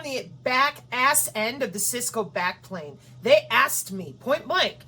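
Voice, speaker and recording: A woman's voice: fairly high pitch, very animated, moderate pace, few pauses, bright, forceful tone, breathy edge. A woman hosting her own channel, delivering a profane, confrontational ranting monologue. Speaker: channel host.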